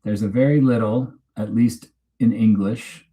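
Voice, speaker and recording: A man with a fairly low voice talks casually to his live-stream audience. He rambles, loses the thread and restarts his sentences in an easy, chatty way. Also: steady tone, unhurried, mellow. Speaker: host of a true crime channel. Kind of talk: casual live-stream chat, reading viewer comments. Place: home.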